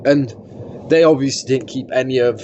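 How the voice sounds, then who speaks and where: A young man hosts a podcast and tells a long, rambling story, swearing freely and tagging "do you mean?" onto his sentences. His voice sits at a middle pitch. The sound is dull and lo-fi. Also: brisk, warm tone, slight background noise. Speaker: podcast host. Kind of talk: casual storytelling chat.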